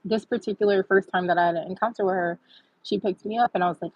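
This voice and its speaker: A woman and mother hosting her own channel, telling a chatty, animated storytime with laughs. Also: medium pitch, fast talker, husky, muffled recording. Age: adult with a child. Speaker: vlog host. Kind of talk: casual storytime.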